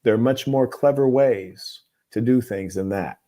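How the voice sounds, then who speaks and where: A man hosting an advice show, reading viewer letters aloud and giving blunt, moralizing opinions in a calm, lecturing way. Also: mid-range voice, measured pace. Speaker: host.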